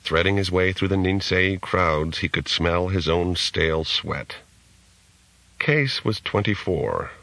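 Low-voiced male audiobook narrator. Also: expressive, takes it slowly, gravelly, fairly bright tone, dry recording, low-quality recording. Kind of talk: scripted narration.

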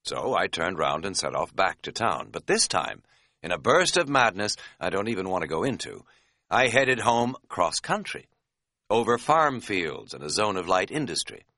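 A man's voice: deep voice, sing-song, normal speed, sharp tone, dry recording, clean studio sound. A man narrating a travel memoir in a wry, self-mocking way.

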